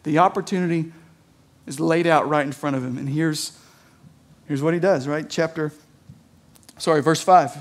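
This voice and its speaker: High-voiced man preaching casually. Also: steady tone, moderate pace, pauses often. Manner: conversational preaching with frequent rhetorical "right?" checks; reads scripture aloud, then explains it casually. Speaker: pastor. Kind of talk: sermon.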